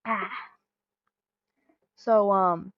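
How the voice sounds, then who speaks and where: A woman's voice: mid-range voice, steady tone, drawn-out words, dry recording, dull audio. A woman voicing an awkward, sweet puppet boyfriend who stammers and talks earnestly in a fan audio role-play.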